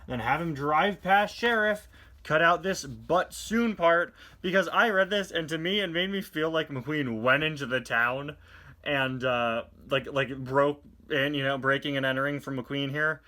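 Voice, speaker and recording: A man reviewing a comic book adaptation in a casual, sarcastic, exasperated way, reading captions aloud in quick put-on voices. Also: on the high side, pushed and bright. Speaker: toy reviewer.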